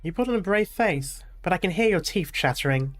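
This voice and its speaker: A man lifts his voice to play a sharp-tongued young gunwoman who needles the others with a teasing tone. Her voice sits noticeably higher than the narrator's own. Soft game music runs behind her. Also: animated, a little fast.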